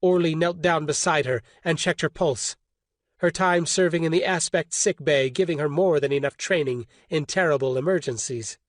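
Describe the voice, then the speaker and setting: Male audiobook narrator, steady and measured, fairly high pitch, dry sound. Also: no room sound. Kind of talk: scripted narration.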